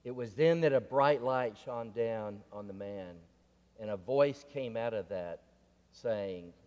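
A man preaching a sermon, telling stories and repeating questions in a deliberate way. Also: fairly low pitch, darkish tone. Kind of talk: sermon with storytelling. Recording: long reverb of a large room.

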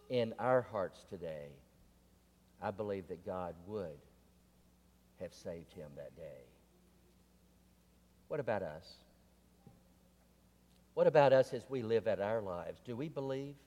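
Male preacher, low and unhurried, deliberate sermon delivery, long reverb. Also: warm tone. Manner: deliberate, repetitive questioning. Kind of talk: sermon with storytelling. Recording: long reverb of a large room.

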